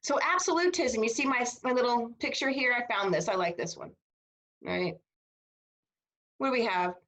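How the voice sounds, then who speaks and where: A woman giving a casual, animated history seminar over a video call, checking in with her students. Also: on the high side, normal speed, rough recording. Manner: animated, conversational, asks rhetorical "right?". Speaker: history instructor.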